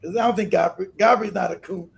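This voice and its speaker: A man hosting a livestream, giving loud, blunt commentary that he keeps breaking up with laughter. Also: high-pitched, fast talker, vocal fry. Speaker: livestream host.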